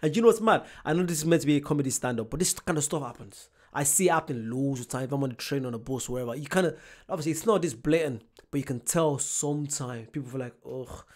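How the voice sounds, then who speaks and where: A man, hosting a reaction video and chatting casually in an excitable, rambling way. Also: a little high, fast talker.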